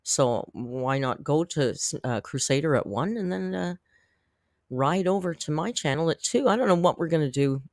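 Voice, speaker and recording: A man's voice: a little high, expressive, moderate pace, darkish tone, no room sound, studio quality. A man hosting a casual livestream, chatting with viewers in a rambling, self-deprecating way and laughing often. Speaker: YouTube commentary host.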